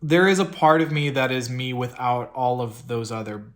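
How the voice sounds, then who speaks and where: A male podcast co-host in casual chat who muses aloud and rambles. He circles his thoughts in loose, unhurried sentences, starting and restarting. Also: medium pitch, fairly bright tone. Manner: reflective, rambling, talks in fits and starts.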